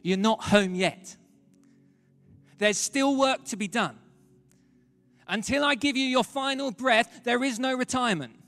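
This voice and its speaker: A man voicing God as a gentle, fatherly figure who speaks in a low, hushed, slow and reassuring way. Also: heavily acted. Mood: firm. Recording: reverberant hall, faint music.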